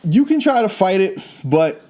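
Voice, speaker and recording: A man's voice: high-pitched, very animated, normal speed, mellow. A man hosting a wrestling podcast, casually recapping a show in a loose, chatty way with lots of fillers and asides.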